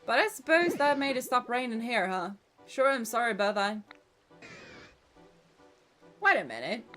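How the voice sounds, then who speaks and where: A woman's voice: a little high, expressive, normal speed, a bit bright, faint music behind. A woman voicing an ancient, sleepy ocean god creature in a game, with a drawling, folksy put-on accent. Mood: easygoing.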